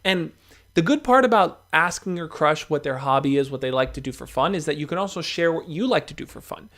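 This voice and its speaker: Young man, livestream host, fairly high voice, casual encouraging advice, fillers and restarts. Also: a little fast. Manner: relaxed, encouraging, talks to viewers directly with fillers and restarts.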